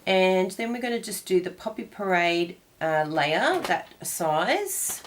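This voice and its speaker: A woman's voice: on the low side, lively intonation, takes it slowly, a little hiss or hum. A woman hosting a cardmaking tutorial, chatting casually and digressing as she crafts.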